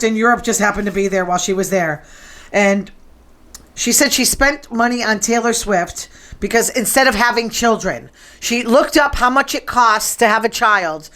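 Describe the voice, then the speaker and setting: A woman's voice: mid-range voice, a bit bright. Sassy chatty woman hosting a show. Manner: chatty, sassy, quick to tease. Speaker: show host. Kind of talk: casual talk-show chat.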